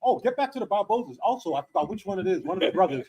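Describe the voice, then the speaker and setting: A man telling joking, animated stories in casual chat at a coffee shop. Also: high voice, rapid-fire, muffled recording.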